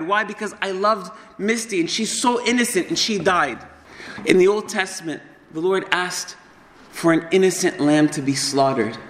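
A man with a high voice delivers an impassioned sermon. He swings between quick conversational bursts and slow, weighty emphasis. The sound rings with a long hall reverb. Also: fairly bright tone. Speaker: preacher.

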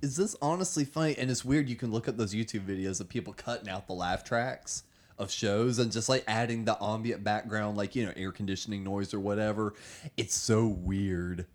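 A man's voice: fairly low pitch, fairly even intonation, normal speed. A young man hosting a casual podcast chat, laid-back, laughing often and swearing casually. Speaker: podcast host.

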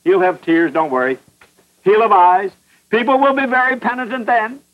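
High-pitched fervent preacher on old radio. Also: male voice, moderate pace. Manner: emphatic, pounding repetition, rhetorical questions. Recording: muffled old radio broadcast.

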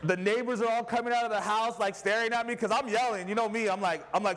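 Animated high-voiced male preacher. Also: fast talker. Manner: animated, conversational, asks the audience "right?". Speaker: pastor. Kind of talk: sermon with personal storytelling.

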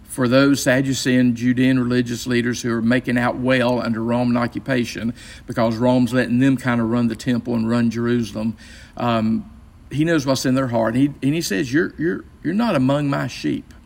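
A pastor with a gravelly, creaky voice teaches a Bible study. He explains in a relaxed, conversational way, often pausing and restarting his sentences. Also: mid-range voice.

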